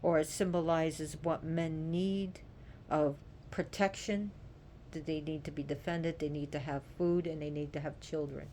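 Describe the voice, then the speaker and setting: A woman retelling a myth with deep feeling, repeating phrases and asking the listener direct questions. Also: steady tone, a little slow, dark tone, slight background noise. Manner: impassioned, repetitive, asks the listener direct questions. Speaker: storyteller. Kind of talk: emotional oral storytelling of myth.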